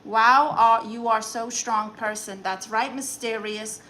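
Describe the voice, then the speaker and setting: Brash Brooklyn woman, bright forceful tone, a bit high, sassy comic live-stream banter. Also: fairly even intonation, slow pace. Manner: brassy, sassy, teasing banter. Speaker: comedian reading live chat comments. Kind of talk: live-stream chat in a sassy aunt persona.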